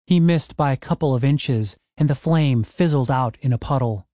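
A man narrating a comic fantasy audiobook in a wry, lively storytelling manner. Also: mid-range voice, moderate pace, no room sound, studio quality.

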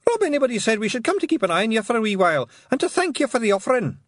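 Tiny scottish pixie, high squeaky voice, bashful and stammery, husky edge. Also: male voice, big pitch swings, racing, no echo, studio quality, full character voice. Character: tiny nervous male pixie warrior.

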